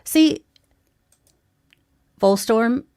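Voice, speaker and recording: A woman's voice: fairly high pitch, animated, extremely slow, mellow, clear, resonant tone, no echo. Snarky woman commentator, dry sound. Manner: snarky, mocking, rambling with asides; talks to her viewers. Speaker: true crime commentator. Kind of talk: casual sarcastic commentary.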